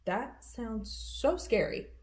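A woman's voice: a little high, lively intonation, slow, darkish tone. A woman voicing a timid little boy who finds his courage, in a storybook read-aloud. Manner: whimpering then earnest.

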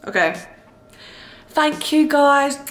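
A woman's voice: sits high, lively intonation, extremely slow, exaggerated voice. A young woman from Texas putting on an Essex English accent to play a vain, bubbly young Essex girl in a comedic makeup tutorial parody, chatty and gushing, calling everyone babes. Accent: put-on Essex English. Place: indoors at home. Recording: roomy echo, faint music.

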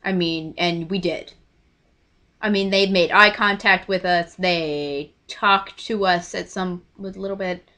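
A young woman telling a story to camera in a casual, gushing way, often trailing off into quiet asides. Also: on the low side, fairly even intonation, unhurried. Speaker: vlogger.

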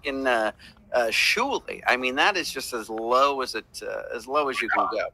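Hesitant bright-voiced male guest. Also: mid-range voice, animated, moderate pace, low-quality recording. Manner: hesitant, filler-heavy. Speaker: podcast guest. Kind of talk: casual chat.

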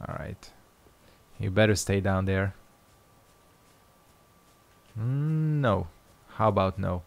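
Young man, gravelly low voice, game commentary, swears and jokes to himself. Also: little pitch movement, moderate pace. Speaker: gaming video host. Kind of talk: casual gameplay commentary.

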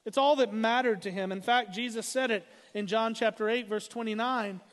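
A man preaching a sermon as pastor, emphatic and slowing down to read scripture. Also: sits high, steady tone, big-room sound.

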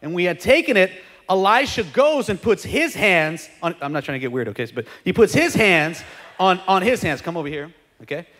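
A man preaching a sermon as pastor, energetic and conversational, with joking asides and frequent checks like "okay?". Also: high voice, normal speed. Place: church sanctuary. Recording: long hall reverb.

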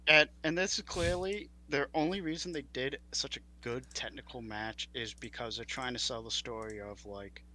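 A man's voice: medium pitch, normal speed, hardly any pauses, pushed and bright, a little hiss or hum. A young man co-hosting a casual podcast, ranting in exasperation and stammering when worked up. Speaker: podcast co-host.

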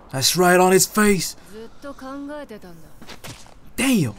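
Excitable man reacting with slow drawl. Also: a little high, noisy background. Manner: excitable exclamations and casual slang. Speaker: anime reaction creator. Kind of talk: live reaction commentary.

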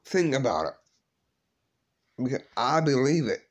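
A man hosting his own paranormal vlog, talking haltingly and emotionally, often repeating and restarting his words. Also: medium pitch, darkish tone. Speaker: vlog host.

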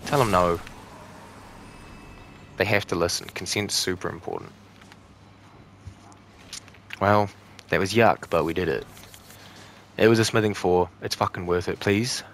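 A man's voice: low-pitched, moderate pace, pauses often, fairly bright tone, slight background noise. A young man giving joking, profane commentary while playing a game, talking back to the enemies on screen. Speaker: gaming channel host. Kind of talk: let's play commentary.

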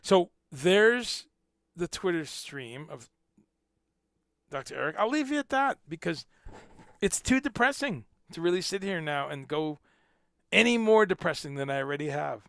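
A man's voice: fairly high pitch, expressive, measured pace, gravelly, fairly bright tone, no room sound, clean studio sound. A man hosting a casual livestream, rambling and repeating words as he talks, now and then swearing. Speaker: livestream host.

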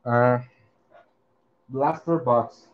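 Slow man reading out baseball cards. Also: mid-range voice, fairly even intonation, narrow, tinny audio. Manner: slow, reads out each card name and team. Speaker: card collector opening packs. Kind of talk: casual card-opening commentary.

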